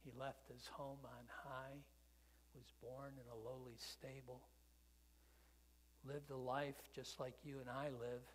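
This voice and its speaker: Preacher swinging from loud to whisper. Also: male voice, mid-range voice, little pitch movement, slow, a little hiss or hum. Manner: swells loud then drops to a whisper. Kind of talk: sermon storytelling. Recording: long hall reverb.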